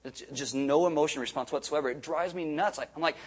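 A man's voice: on the high side, steady tone, fast, husky. A middle-aged man pastor giving a sermon in a conversational manner, repeating himself and adding jokey asides.

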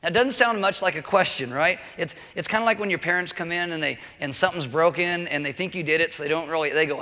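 A man preaching a relaxed, conversational sermon, full of joking asides and quick check-ins with the listeners. His voice is fairly high for a man and has a forceful, bright edge. It rings out with the long reverb of a large hall. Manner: chatty, joking asides, keeps checking in with okay. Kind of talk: casual sermon.

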